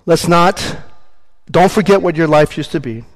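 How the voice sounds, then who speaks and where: A man's voice: fairly high pitch, moderate pace, long reverb tail. A man preaching a sermon as pastor, earnest and emphatic, reading scripture aloud.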